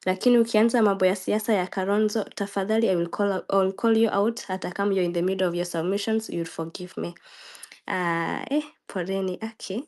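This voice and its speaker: A woman's voice: medium pitch, fairly even intonation, fairly quick, darkish tone. Kenyan woman host; emotional, insistent, code-switching to Swahili. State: emotional, near tears. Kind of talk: live audio space discussion.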